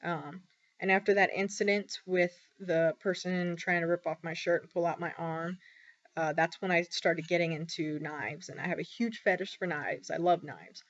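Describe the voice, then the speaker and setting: A young woman talking candidly in a personal vlog, halting often with ums and pauses. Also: on the low side. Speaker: vlogger. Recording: dull lo-fi recording.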